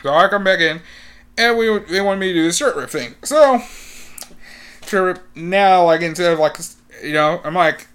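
A teenage man tells a story casually, rambling with constant "like" and restarts. He breaks into excited bursts now and then. His voice sits a bit high and sounds smooth and clear. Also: moderate pace. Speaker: high school student.

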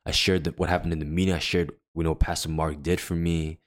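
With a bass voice, a level tone and rapid delivery, a man co-hosting a faith podcast tells a personal story in earnest. The talk is casual, and he plays out others' remarks.

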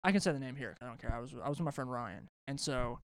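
A man's voice: medium pitch, fast talker, no room sound. A young man hosting a casual podcast, telling a long rambling story with lots of swearing and restarts. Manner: rambling, animated, swears a lot, many restarts. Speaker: podcast host.

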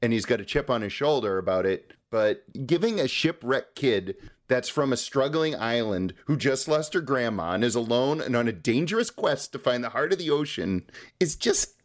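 A man's voice: mid-range voice, lively intonation, normal speed. A man co-hosting a podcast in casual chat, giggly and careful with his opinions. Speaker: podcast co-host.

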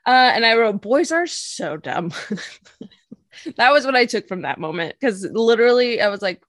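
A woman with a fairly high, animated, slightly bright voice speaks at a moderate pace, with no echo. She co-hosts a podcast and casually recaps an anime episode, giggling often and acting out quotes in silly voices.

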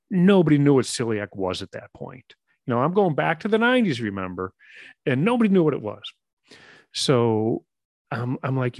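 Earnest middle-aged man, halting storytelling. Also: mid-range voice, a little mellow, no echo. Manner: earnest, halting, repeats words. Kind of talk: personal storytelling.

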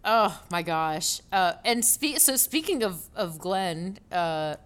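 A woman co-hosting a podcast in casual chat, giggly and animated, laughing often. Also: lowish voice, takes it slowly, clear, resonant tone. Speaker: podcast co-host.

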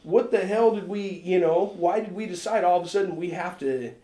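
An emphatic American man arguing his point in casual chat, often repeating himself and stumbling over words. His voice is fairly high for a man and rings in an echoey room. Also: brisk, dark tone, a little hiss or hum.

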